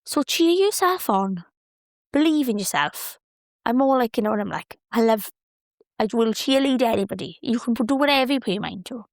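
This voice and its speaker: A woman's voice: on the high side, brisk, no room sound. Woman, young adult, podcast host, chatty, encouraging, dry close sound. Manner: chatty, encouraging, animated cheerleader tone. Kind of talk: motivational podcast chat.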